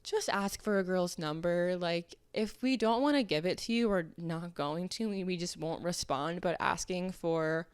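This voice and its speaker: A woman's voice: fairly low pitch, normal speed, few pauses, smooth, dry recording. A young adult woman hosting a podcast, telling candid stories in a chatty way and acting out what people said. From Arizona, US. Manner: chatty and candid, heavy "like" filler, acts out quoted people. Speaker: podcast host. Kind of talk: casual solo podcast monologue.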